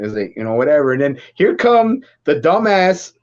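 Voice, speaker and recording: A man's voice: on the high side, big pitch swings, normal speed, a little mellow, highs cut off. A man hosting a podcast, chatting casually and profanely as he retells an anime episode with many restarts. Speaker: podcast host. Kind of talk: casual chat recapping an anime.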